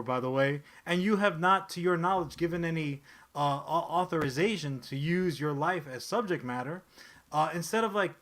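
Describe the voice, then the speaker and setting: Male podcast co-host, somewhat high, forceful voice, swears freely, loose rambling delivery. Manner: animated, profane, rambling with frequent restarts. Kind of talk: casual pop-culture podcast chat.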